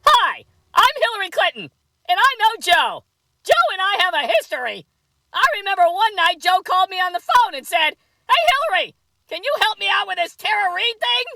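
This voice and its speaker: A woman's voice: extremely high pitch, sing-song, brisk, creaky, bright, forceful tone, no echo, exaggerated voice. A woman doing a comedy sketch impression of a scheming female politician, confiding and oblivious. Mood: smug.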